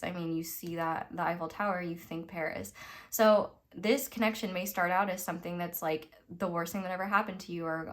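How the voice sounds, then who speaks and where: A young woman from the United States giving a casual, rambling tarot reading, full of fillers and little laughs. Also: on the low side. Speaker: tarot reader.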